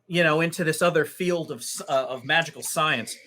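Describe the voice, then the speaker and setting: A man narrating a tabletop game as game master, telling the story in an unhurried way with many fillers. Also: a little high, sharp tone.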